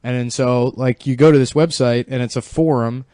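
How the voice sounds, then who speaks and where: A man's voice: mid-range voice, fairly even intonation, moderate pace, dark tone, dry recording, clean studio sound. A young man hosting a podcast, telling rambling, profane stories and often laughing. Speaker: podcast host. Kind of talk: casual podcast chat.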